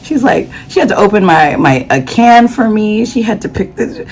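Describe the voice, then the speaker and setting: A young adult woman telling a casual travel story in a chatty, animated way, full of slang and dramatic asides. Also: mid-range voice, normal speed, slight background noise, low-quality recording. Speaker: vlogger.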